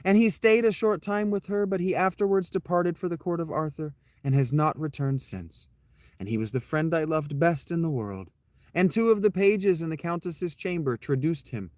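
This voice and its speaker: A man's voice: on the high side, darkish tone, dry recording, natural voice. A man reading the lines of an imprisoned, loyal young handmaiden in a storybook tale, in a plain reading voice.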